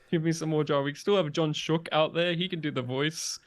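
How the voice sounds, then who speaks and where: Male co-host, jokey and animated, smooth clear voice, casual fan chat. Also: fairly high pitch, normal speed. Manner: animated and joking, acts out quoted lines. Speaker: podcast co-host.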